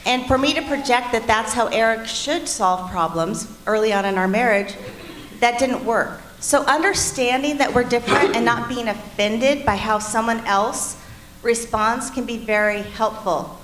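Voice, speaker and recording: A woman's voice: on the high side, normal speed, a bit bright. Candid middle-aged woman teaching a class. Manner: candid, storytelling, addresses the class directly. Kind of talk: earnest personal teaching talk. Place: church meeting room. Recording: echoey room with faint noise.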